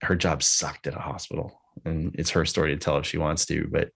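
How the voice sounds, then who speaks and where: A man's voice: rumbling low, flat delivery, fairly quick, vocal fry, fairly bright tone, breathy edge. A man telling a personal story in tribute at a memorial gathering, candid and conversational, with casual swearing. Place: live gathering with people present.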